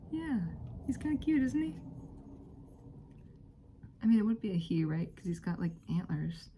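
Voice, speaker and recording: A woman's voice: medium pitch, sing-song, a little slow, long pauses, warm tone, a little hiss or hum. A woman whispering in a friendly role-play, giggling and rambling through casual chat as a friend hosting a visit.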